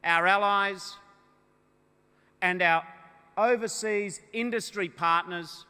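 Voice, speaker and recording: An Australian man as a party leader giving a rousing political speech at a conference, with emphatic oratory that swells into loud, punchy declarations. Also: sits high, lively intonation, unhurried, long pauses. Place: large conference hall. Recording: echoey hall with long reverb.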